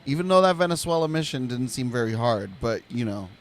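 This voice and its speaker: A man's voice: mid-range voice, animated, fairly quick. Hesitant man in casual talk. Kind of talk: casual chat.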